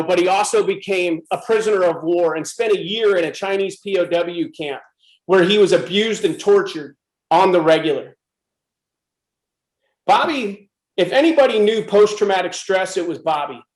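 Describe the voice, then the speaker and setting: A middle-aged man from the USA gives a frank, emphatic personal testimony. His voice sits high for a man. The recording carries a noticeable room echo. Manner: intense, emphatic storytelling. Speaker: speaker at a club presentation.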